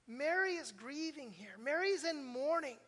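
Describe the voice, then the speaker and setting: A man's voice: very high voice, lively intonation, normal speed, fairly bright tone. An older man, a pastor, preaching a conversational sermon and telling stories in an earnest manner straight to his congregation. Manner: earnest, storytelling, direct address to congregation. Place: church sanctuary. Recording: long reverb of a church hall.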